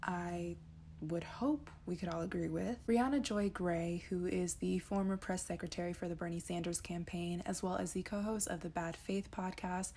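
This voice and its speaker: A woman's voice: lowish voice, fairly even intonation, moderate pace, a little mellow. A woman vlogger delivering a casual political rant in a blunt, profane and sarcastic way.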